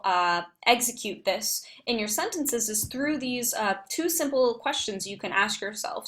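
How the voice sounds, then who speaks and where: A woman leading a recorded online writing workshop, explaining patiently and clearly with frequent fillers. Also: medium pitch, fairly bright tone. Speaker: writing center instructor.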